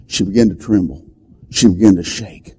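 An older man preaching, telling a story dramatically and shouting the commands he quotes. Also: low-pitched, moderate pace, breathy edge, low-quality recording. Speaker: deliverance preacher. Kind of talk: storytelling sermon.

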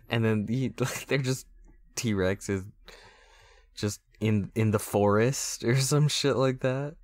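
A very low-voiced man hosts a casual podcast chat, joking, laughing and swearing freely. He talks slowly. His voice sounds dry and close. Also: no room sound. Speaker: podcast host who came up with the series.

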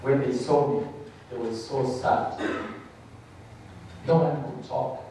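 A man's voice: medium pitch, steady tone, takes it slowly, dark tone, a little hiss or hum. A man giving an earnest testimony sermon, moving from storytelling into fervent call-and-response preaching. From Rwanda. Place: church hall. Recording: echoey church hall, voice from far off.

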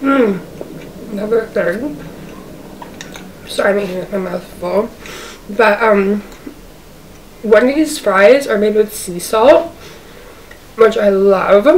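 A woman chatting casually while eating on camera in her apartment, talking in a loose, rambling way full of "like". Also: medium pitch. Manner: chatty, fills speech with "like". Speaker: mukbang vlogger. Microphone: camera's own mic, zoomed out. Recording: distant camera mic, faint hiss.

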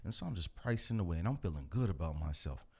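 A man from the United States, hosting his own channel, telling a story in a loud, animated, profane rant. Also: fast talker, gravelly, slightly rough. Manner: animated and profane, mimics people in higher voices. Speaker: host of a commentary channel.

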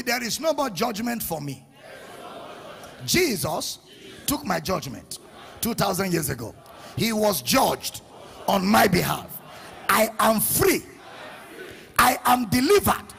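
A man preaching a sermon, leading the congregation in call-and-response, shouting in a sing-song preaching cadence. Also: sits high, very animated, unhurried, gravelly, long pauses, a faint crowd. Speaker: pastor. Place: church hall with congregation.

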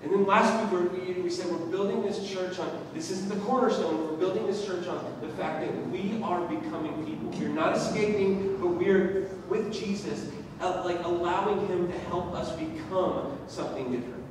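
A man's voice: high-pitched, moderate pace, hardly any pauses, recorded from a distance, background noise. A man preaching a sermon as pastor, telling a personal story in a loose, conversational way. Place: church hall. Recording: echoey hall, voice from afar.

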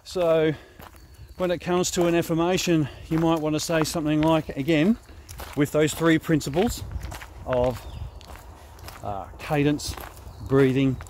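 An Australian man, a host and spiritual director, teaching prayer walking in a relaxed, conversational way while walking in the bush, slightly short of breath. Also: on the high side, measured pace. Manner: relaxed, conversational, often asks "right?". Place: outdoors in bushland on a walking track. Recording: faint outdoor noise.

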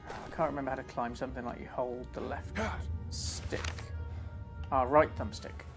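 A man's voice: medium pitch, fairly even intonation, normal speed, creaky. A man giving chatty, self-mocking live commentary while he plays a video game and talks to his viewers. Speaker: streamer playing a game. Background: game music.

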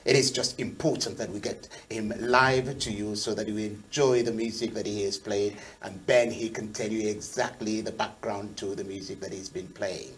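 A man hosting a talk show, speaking in a measured, polite way as he questions a guest and introduces music. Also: lowish voice, steady tone, a bit bright. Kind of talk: formal interview hosting.

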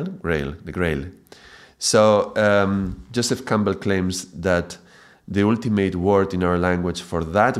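A male yoga and mantra teacher giving a spoken video lesson, reflective and thoughtful, breaking now and then into excited, laughing bursts. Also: low voice.

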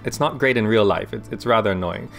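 Chatty man narrating a game, low voice. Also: fast, vocal fry, a bit bright, faint music behind. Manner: chatty, laughs often, talks through his thoughts aloud. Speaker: gaming YouTuber. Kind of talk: casual let's-play commentary. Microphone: desk microphone.

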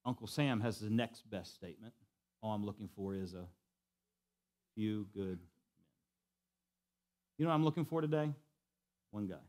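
A pastor preaching a sermon to a church, repeating key lines for emphasis and swinging from quiet to loud. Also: male voice, on the low side, moderate pace, long pauses. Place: church sanctuary.

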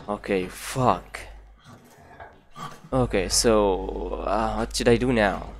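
A man commentating as he plays a horror game, thinking aloud, talking to himself and swearing often, with phrasing. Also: fairly low pitch. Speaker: gameplay commentator. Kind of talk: let's play commentary.

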